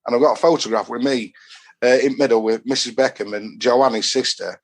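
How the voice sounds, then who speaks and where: A talkative Yorkshire man in a casual podcast chat, spinning one rambling anecdote into the next. His voice sits at an ordinary middle pitch, and he slips into the voices of the people he quotes as he goes. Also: steady tone, brisk. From Doncaster, England. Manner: rambling storyteller who acts out quoted dialogue. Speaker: football fan guest.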